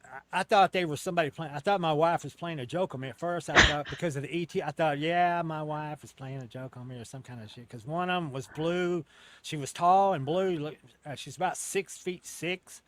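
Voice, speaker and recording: A man's voice sitting a little higher than most men's. He is an interview guest telling a long story in a loose, conversational way. He often backtracks and restarts, and drops casual swear words as he goes. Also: brisk, background noise. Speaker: interview guest recounting an encounter.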